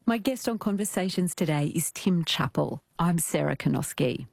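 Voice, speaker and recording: A woman hosts an interview in a low, gravelly voice. She asks measured, thoughtful questions. The recording is close and dry. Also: expressive, a little mellow, no echo. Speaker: radio interview host.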